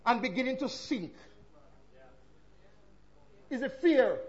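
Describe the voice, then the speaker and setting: A man with a Jamaican accent preaching a sermon, swinging between loud emphatic passages and hushed asides. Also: high-pitched, lively intonation, a little fast, long pauses, dull audio.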